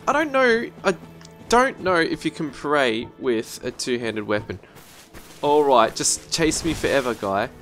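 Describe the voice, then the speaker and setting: Excitable man yelling at a game. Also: medium pitch, measured pace, faint music behind. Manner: excitable, yelps and swears at the game. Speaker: let's-play gamer. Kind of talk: gameplay commentary.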